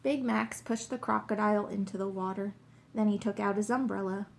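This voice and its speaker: A woman narrating a children's story, reading aloud in a plain, measured way. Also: mid-range voice, steady tone, vocal fry, darkish tone.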